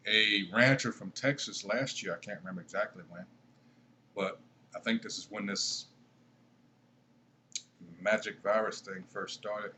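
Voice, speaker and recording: Male commentator, deepish voice, loose and rambling, light background noise. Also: fairly bright tone. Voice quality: rambling, trailing off while searching. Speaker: video commentator. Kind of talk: casual commentary.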